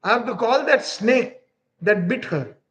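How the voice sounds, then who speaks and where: A man's voice: very high-pitched, animated, measured pace, a bit bright, exaggerated voice, low-quality recording. A preacher voicing a god disguised as a commanding female healer, in a firm, instructing way, close to his own voice. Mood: urgent.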